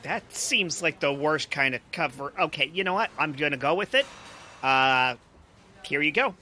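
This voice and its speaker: A man's voice: fairly high pitch, animated, normal speed, sharp tone, soft background music. A man playing a resigned, offhand police officer in an improv comedy scene.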